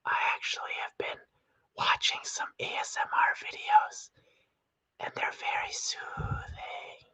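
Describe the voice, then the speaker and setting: A man putting on a gentle breathy whisper in a whispered role-play, imitating an ASMR video. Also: unhurried. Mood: hushed. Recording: slightly dull lo-fi sound.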